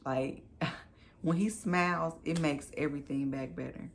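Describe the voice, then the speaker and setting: A woman's voice: a bass voice, steady tone, unhurried, gravelly, slight background noise. A woman in her thirties, a new mom telling her story to camera in a candid, chatty, emphatic way.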